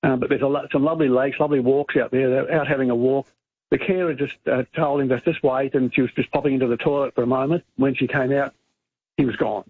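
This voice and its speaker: A man's voice: medium pitch, steady tone, fast, husky, dry recording. An Australian man calling in to a radio show, telling a story earnestly with many fillers. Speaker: caller. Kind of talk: phone-in story. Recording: tinny phone line.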